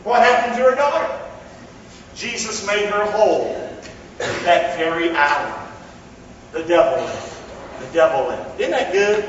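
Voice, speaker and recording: A man's voice: high-pitched, lively intonation, a little slow, pauses often, slight background noise. A man preaching a sermon as pastor, calling on the congregation to repeat phrases back to him. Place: church hall. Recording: echoey hall from far off, dull sound.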